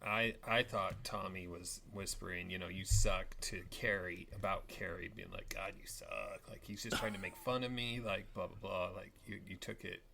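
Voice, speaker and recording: Low gravelly man chatting about movies. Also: fairly even intonation, moderate pace, few pauses, background noise. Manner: chatty, agreeable, recalls his own first viewing. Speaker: podcast co-host. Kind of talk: casual film podcast chat.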